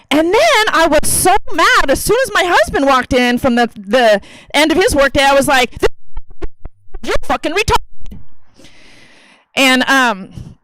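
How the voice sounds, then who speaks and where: A woman's voice: a little high, a bit bright, smooth, no echo, rough recording. A woman in her thirties performing a profane, brash stand-up comedy set on a theater stage into a handheld mic. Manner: brash, profane, conversational delivery.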